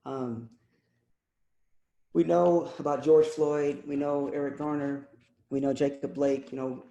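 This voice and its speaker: A man reading his own poems at a video-call poetry event, measured and pausing with ums between pieces. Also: on the high side, flat delivery, gravelly, dark tone, highs cut off. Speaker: poet reading his work. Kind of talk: poetry reading with spoken introductions. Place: home, over video call. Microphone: computer mic on a video call. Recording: echoey video call audio.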